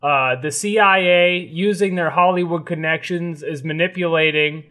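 A man's voice: on the high side, normal speed, pushed and bright. A man from the greater Boston area, co-hosting a casual comedy chat with dry, conspiratorial jokes. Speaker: podcast co-host.

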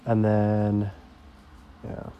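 A man's voice: lowish voice, monotone, clear, resonant tone, lo-fi sound. A young man ranting casually and profanely on a vlog, rambling from topic to topic. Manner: rambling, heavily profane, slow-paced. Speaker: vlogger.

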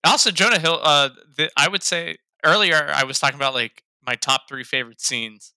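A man's voice: on the high side, brisk, bright, forceful tone, smooth, dry recording, clean studio sound. A man in casual chat about a film, laughing a lot, swearing freely and acting out lines he liked. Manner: laughing, profane, quotes lines in raised voices. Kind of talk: casual movie review chat.

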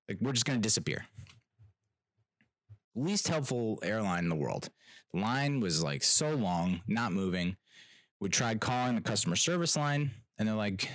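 A man's voice: lowish voice, expressive, normal speed, dry recording, studio quality. A young man telling a travel story as a casual rant, exasperated and sarcastic, laughing often and swearing.

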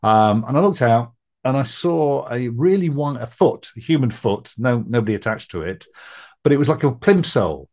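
A man's voice: mid-range voice, expressive, normal speed, a little mellow. A middle-aged man with a Middle English accent and a northern twang, a podcast guest telling his life story in a chatty, rambling way, often laughing, with many fillers. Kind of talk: personal storytelling interview.

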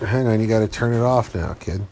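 A man's voice: on the low side, background noise. A man from the United States hosting a casual podcast chat with his young daughters, teasing and playful. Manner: playful, teasing, talks quickly with his kids. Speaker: podcast host and father.

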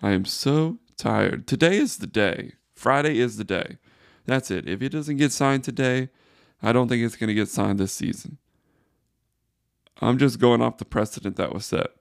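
A man's voice: fairly low pitch, creaky, dry recording, studio quality. A man hosting a solo sports podcast, ranting in exasperated frustration. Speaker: podcast host.

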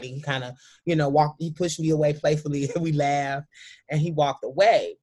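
A woman with a low-pitched, darkish voice shares a heartfelt personal story as a guest. She is emphatic, sometimes halting, and often addresses the listeners directly.

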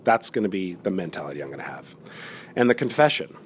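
A man's voice: deep voice, sing-song, fast, a little hiss or hum. A man hosting a comedy podcast, talking candidly and self-deprecatingly on his own from a gym's yoga room, swearing often. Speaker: podcast host. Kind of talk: casual confessional monologue.

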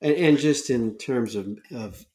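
A man's voice: medium pitch, measured pace, dark tone, slight background noise. A man hosting a panel, cutting in briefly to comment and hand the floor to others. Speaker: host. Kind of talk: casual panel conversation.

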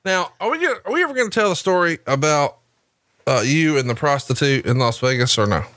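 A man's voice: a little high, lively intonation, fast, a bit bright, no room sound, studio quality. A man hosting a podcast, telling a crude, teasing story about his co-host in casual chat.

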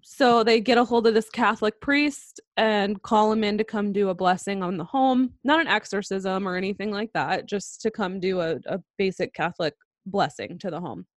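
A woman narrating a haunted-house tale for her co-host, relaxed and unpolished, with fillers and a little swearing. Her voice sits at a middle pitch. The sound is dry and close to the mic. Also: moderate pace, hardly any pauses, no echo. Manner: laid-back storytelling with fillers and swearing, laughs easily. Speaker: podcast co-host telling a true-crime story. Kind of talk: casual storytelling chat.

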